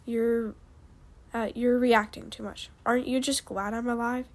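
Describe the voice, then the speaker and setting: A woman's voice: a little high, little pitch movement, unhurried. A woman voicing a weary, exasperated male dragon in a storybook reading. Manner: sighing, exasperated.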